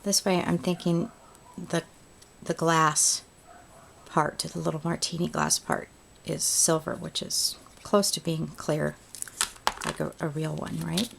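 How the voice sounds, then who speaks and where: A woman's voice: sits low, fairly even intonation, slow, gravelly, pauses often, a little hiss or hum. A woman hosting a home craft tutorial, chatting casually and thinking aloud as she works. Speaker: crafting video host.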